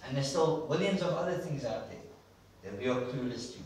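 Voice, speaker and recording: A man's voice: mid-range voice, lively intonation, a little fast, a little hiss or hum. A man preaching an enthusiastic sermon in a church, repeating words for emphasis. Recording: echoey church hall from far off.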